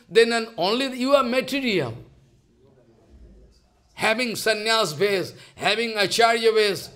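Older bengali guy preaching in broken english, kinda high voice, keeps repeating lines for emphasis. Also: a bit bright. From India. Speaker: spiritual teacher. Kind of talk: devotional lecture.

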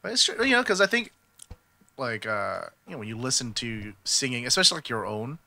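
A man co-hosting a casual podcast, chatting in an animated, quick way. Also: medium pitch, dry recording. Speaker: podcast co-host.

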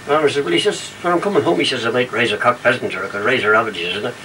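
A man's voice: medium pitch, expressive, rapid-fire, sharp tone. An older man, a retired variety singer, rambling through memories and jokes and acting out the voices. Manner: rambling storyteller who acts out voices in jokes. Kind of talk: casual reminiscing and joke telling. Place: home trailer. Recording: distant home recording with light noise.

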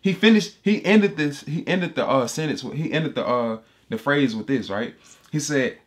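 A man's voice: medium pitch, lively intonation, normal speed. A man giving casual, emphatic scripture commentary, repeating himself and calling listeners bro. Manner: emphatic and repetitive, slangy street talk, addresses listeners as bro. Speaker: Bible teacher.

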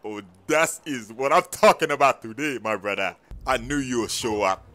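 A man's voice: medium pitch, lively intonation, normal speed, sharp tone. A man voicing a persuasive male gang recruiter in a game story video, pleading earnestly. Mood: commanding. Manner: calls everyone "my brother", earnest pleading.

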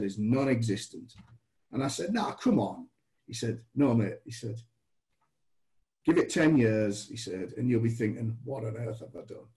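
Mellow-voiced man telling animated stories. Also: mid-range voice, poor audio. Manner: animated storyteller, acts out dialogue. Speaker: podcast guest. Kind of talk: anecdotal storytelling.

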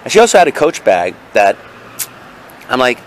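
A man's voice: medium pitch, wildly swooping pitch, moderate pace, slight background noise. A chatty man showing off his thrift finds in a casual vlog. His voice swings up and down as he rambles from one item to the next. He talks straight to the viewer and corrects himself as he goes.

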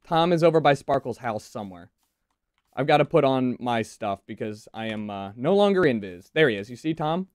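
A woman's voice: a bass voice, animated, a little mellow, no room sound. A woman chatting casually while playing a game, anxious and giving orders to her teammate. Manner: anxious, bossy, quick to give orders. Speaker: gamer. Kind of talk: casual gameplay chat.

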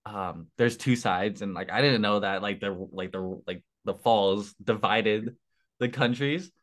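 A young man interviewing a fellow contestant in a loose, rambling way, full of "like" and quick apologies. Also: lowish voice, fairly bright tone. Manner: rambling, filler-heavy, apologetic. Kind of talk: casual chat.

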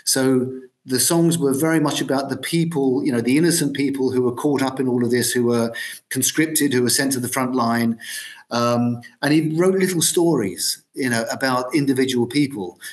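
A man's voice: mid-range voice, moderate pace. Man in his sixties, guest guitarist; loose, rambling, full of ums and false starts. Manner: rambling, many ums and restarts. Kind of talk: casual interview chat.

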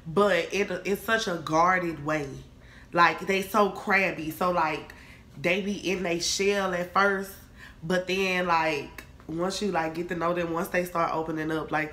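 Sassy bright-voiced young woman ranting. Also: fairly low pitch, roomy sound. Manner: sassy, animated, swearing freely. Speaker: vlogger. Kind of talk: casual comedic rant.

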